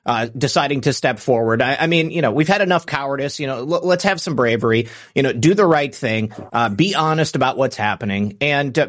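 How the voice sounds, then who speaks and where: A man hosting a loose political talk show, his voice sitting a little high for a man. He rambles through his points, restarting sentences and filling pauses as he goes. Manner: rambling, many fillers and restarts. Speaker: host.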